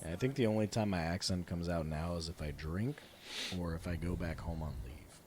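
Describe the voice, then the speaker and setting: Blunt, very deep-voiced man. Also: moderate pace, a little mellow, a little hiss or hum. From Florida. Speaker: podcast co-host. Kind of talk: casual chat.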